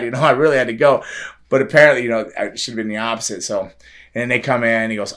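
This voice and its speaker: A man's voice: mid-range voice, fairly quick, a bit bright. Man, casual storyteller, rambling, repeats himself, laughs a lot. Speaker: guest telling a film extra story.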